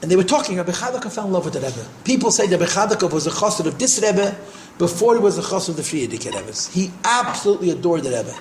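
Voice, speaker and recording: An older man with a high voice tells rabbinic stories, circling back through repeated phrases and dropping in Yiddish and Hebrew words. He is heard in an echoey room with a faint hiss of noise behind him. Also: fast. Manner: repetitive, animated storytelling sprinkled with Yiddish and Hebrew terms. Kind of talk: storytelling talk.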